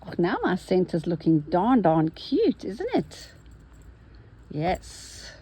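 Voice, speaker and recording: A woman's voice: fairly low pitch, big pitch swings, takes it slowly, warm tone, a little hiss or hum, low-quality recording. A woman narrating her embroidery vlog, cheerful and chatty as she talks to herself while she stitches at home. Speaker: embroidery vlogger.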